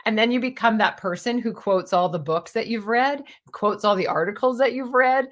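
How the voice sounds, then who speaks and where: A woman's voice: a little high, moderate pace. Chatty woman around fifty telling stories. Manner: chatty, animated, lots of "like" and "you know". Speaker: storytelling vlogger. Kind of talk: casual storytelling monologue.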